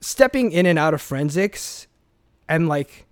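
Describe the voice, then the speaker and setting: A man's voice: a little high, animated, unhurried, no echo, studio quality. A young man, a former speech competitor, chatting casually as an interview guest, rambling with restarts and swearing freely.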